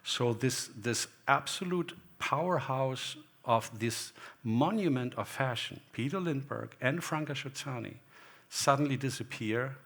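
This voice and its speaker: Before an audience in a gallery hall, a guest photographer speaks unhurriedly in a medium-pitched, slightly bright voice, barely pausing. His onstage talk is rambling and anecdotal, full of remembered exchanges he acts out.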